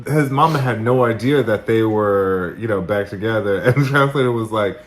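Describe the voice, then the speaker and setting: A man co-hosting a reality-TV recap show, chatting casually and backing his partner up with steady mm-hmms and asides. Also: lowish voice, moderate pace. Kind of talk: casual pop-culture recap chat.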